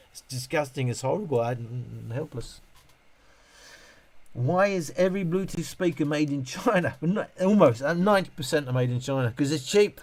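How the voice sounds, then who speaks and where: A middle-aged man with a medium-pitched, slightly mellow voice hosts a casual live stream. He reads viewer comments aloud and answers them in a rambling manner, full of self-interruptions and restarts.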